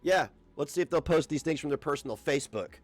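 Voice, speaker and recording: A man's voice: a little high, fast, faint music behind. A man ranting on a livestream, profane, combative and sarcastic. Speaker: livestream host.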